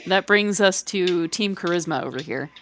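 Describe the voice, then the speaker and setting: A woman narrating as game master of a tabletop game, slow and descriptive with many fillers. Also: on the low side, fairly bright tone, slight background noise.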